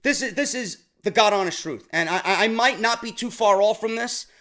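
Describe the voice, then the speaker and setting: A man's voice: high-pitched, moderate pace, pushed and bright. A man hosting a wrestling show, ranting bluntly and with exasperation about the matches he dislikes. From New York. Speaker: wrestling podcast host. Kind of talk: opinionated wrestling commentary.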